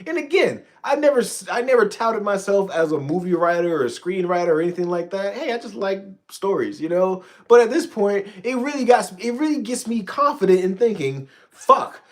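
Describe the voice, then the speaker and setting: A man's voice: high voice, lively intonation, fairly quick, few pauses. A man hosting a casual livestream, ranting in a profane, rambling way with frequent stammered restarts. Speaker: channel host.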